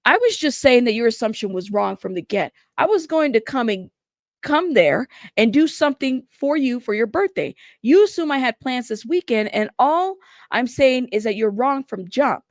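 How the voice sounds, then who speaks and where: A woman reading court transcripts aloud and breaking off with animated reactions of her own. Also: a little high, moderate pace, dry recording, studio quality. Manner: animated reactions to the text she reads. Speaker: trial news commentator.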